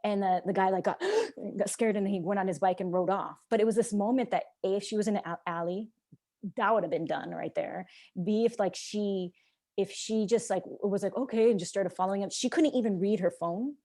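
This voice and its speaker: A young woman chats as a podcast guest, racing through a story at a quick clip. Her voice is warm and mellow rather than bright. She slips into the voices of the people she quotes and scatters fillers throughout. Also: medium pitch. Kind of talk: casual podcast conversation.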